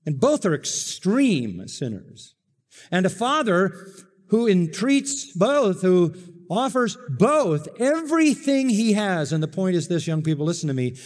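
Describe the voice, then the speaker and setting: Male preacher, slightly higher voice, dramatic delivery, long hall reverb. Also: big pitch swings, unhurried. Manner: dramatic, acts out the characters' lines. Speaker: pastor. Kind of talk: sermon.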